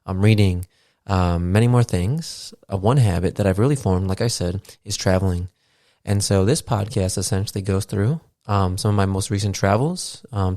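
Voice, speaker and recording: A man's voice: sits low, darkish tone, dry recording, clean studio sound. A man in his thirties hosting a podcast, chatting loosely with lots of fillers and casual swearing. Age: 30s. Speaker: podcast host. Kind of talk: casual rambling monologue. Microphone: podcast mixer setup.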